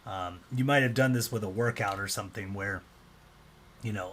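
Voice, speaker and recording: A man's voice: fairly low pitch, moderate pace, fairly bright tone. A man presenting a casual explanatory talk, loose and conversational, often acting out quoted reactions.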